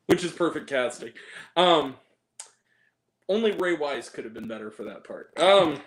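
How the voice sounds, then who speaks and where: Guy hosting a movie podcast, swears a lot, giggly, kinda high voice, bounces all over, echoey room. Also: expressive, slow pace, fairly bright tone. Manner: rambling, profane, giggly, lots of fillers. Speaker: movie review podcast host. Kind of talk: casual chat.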